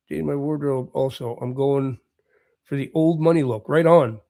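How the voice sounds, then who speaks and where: A man's voice: fairly high pitch, moderate pace, darkish tone. Chuckling, rambling man from Canada. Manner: rambling, chuckles often, repeats phrases. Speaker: livestream host. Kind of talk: casual chat answering live comments.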